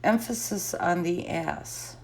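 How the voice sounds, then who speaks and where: A woman's voice: lowish voice, takes it slowly, a little mellow, a little hiss or hum. A middle-aged woman chatting casually and answering live comments, laughing often.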